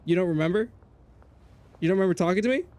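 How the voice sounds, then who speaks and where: A man streaming a game, telling a story in casual chat, animated and profane, jumping between loud outbursts and low mutters. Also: quick pace, dry recording. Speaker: gaming streamer.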